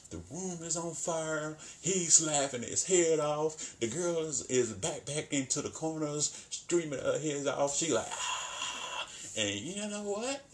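A man giving a casual, animated spoken recap of a horror series. He talks colloquially and laughs often. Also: medium pitch. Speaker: show recap vlogger. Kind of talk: casual commentary.

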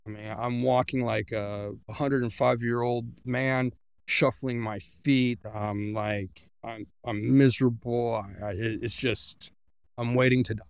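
A man of middle pitch with a gravelly edge tells his own story as a podcast guest. He speaks earnestly and vividly, acting out what he thought at the time. The sound is dry and close. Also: no echo. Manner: earnest, vivid retelling with quoted inner thoughts. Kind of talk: personal storytelling in an interview.

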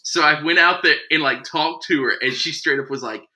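A man in casual chat with friends, telling a story with lively swings and quiet asides. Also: brisk, low-quality recording. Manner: animated storyteller, drops low for asides.

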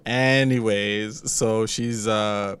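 A man's voice: on the low side, fairly even intonation, drawn-out words, fairly bright tone, clean tone. Laughing young man retelling scenes. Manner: laughs often, retells scenes with quoted lines. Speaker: podcast co-host recapping a TV episode. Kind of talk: casual chat.

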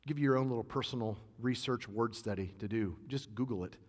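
A male pastor delivers a sermon, moving between plain teaching and personal stories and pressing his points with emphasis. His voice sits at an ordinary pitch for a man. A long reverb from the large church hall trails each phrase. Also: a little fast.

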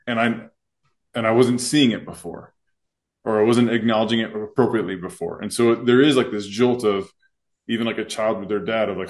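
Guy cohosting a podcast, earnest and reflective, kinda low voice, talks like a school admin. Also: a little fast. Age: adult with children. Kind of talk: casual podcast discussion.

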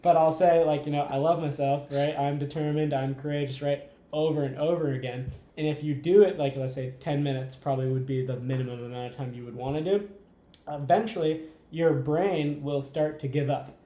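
Enthusiastic rambling man, mellow voice. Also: fairly high pitch, fairly even intonation, brisk, reverberant. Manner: enthusiastic, rambling, frequent "like" and "right?". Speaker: podcast guest. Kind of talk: casual conversation.

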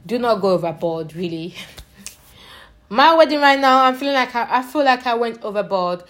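Tired, animated woman vlogging. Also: a little high, moderate pace. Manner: animated, repetitive, laughing between phrases. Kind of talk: casual ranting vlog.

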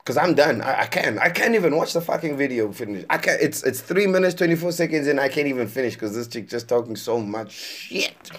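A man's voice: mid-range voice, animated, a little fast, hardly any pauses. A man in his twenties hosting a podcast, reacting to interview clips in a profane, exasperated casual rant and repeating himself for emphasis. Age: 20s.

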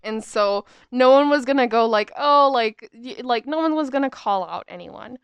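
A woman's voice: on the high side, moderate pace, vocal fry, clean tone, no room sound. A young woman in her twenties telling a school story in casual chat, with lots of filler words and restarts. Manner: chatty, full of "like" fillers and restarts.

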